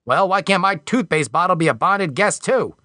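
A man's voice: huge pitch swings, normal speed, a bit bright, no room sound, full character voice. An impulsive young man who protests in a raised, strained voice, as a male audiobook narrator puts him on. He drags out his complaints. The recording is dry and close. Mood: indignant. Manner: protesting, raised pitch, drawn out.

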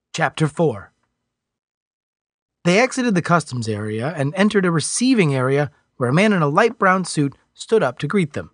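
A man reading a science fiction audiobook in scripted narration with expressive, varied delivery. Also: on the high side, moderate pace, no echo, studio quality.

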